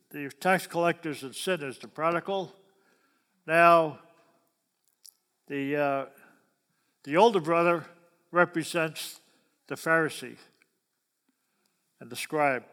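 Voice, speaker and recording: Man, preacher, sermon, folksy, asks the crowd questions, slightly high pitch, reverberant hall. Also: a bit bright.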